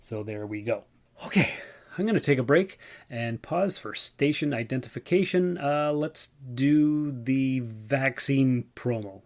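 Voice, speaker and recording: A man's voice: medium pitch, measured pace, darkish tone. A man from Ontario, Canada, tired and yawning, talking through a casual solo podcast in a chatty, rambling way full of fillers. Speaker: podcast host.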